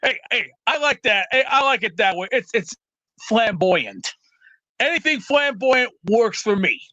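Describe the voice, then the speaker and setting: High-voiced brash man ranting on a call. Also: sing-song, a little slow, no room sound. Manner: brash, loud, rambling tough-guy bluster. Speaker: show caller. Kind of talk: comedic call-in rant. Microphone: remote internet call. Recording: lo-fi internet call audio.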